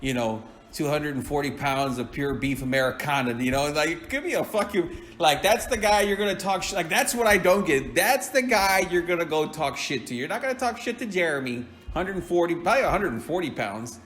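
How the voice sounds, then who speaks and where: A man's voice: high-pitched, very animated, fairly quick, few pauses, a bit bright. A man telling a story in a casual, rambling way, swearing and laughing often.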